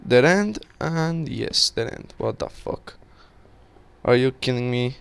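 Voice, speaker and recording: A young man giving casual, excitable commentary while playing a game, swearing and talking to himself. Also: medium pitch, slow pace, creaky, clear, resonant tone. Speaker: gaming channel host.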